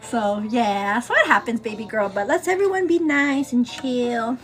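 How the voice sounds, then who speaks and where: Casual high-voiced woman chatting to viewers on a livestream, playful and laughing, soft music underneath. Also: normal speed. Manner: chatty, calls viewers "girl" constantly; laughs often, teasing then turning earnest. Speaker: livestream host. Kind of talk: casual chat on a morning get-ready livestream.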